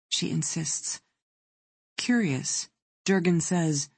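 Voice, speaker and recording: An audiobook narrator reading a thriller in a measured, even way. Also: mid-range voice, no echo.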